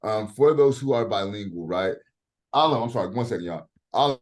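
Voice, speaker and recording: A man's voice: on the low side, expressive, fairly quick. A middle-aged man teaching a class over a video call, talking in a casual, direct way and swearing freely. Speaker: professor. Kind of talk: online class lecture.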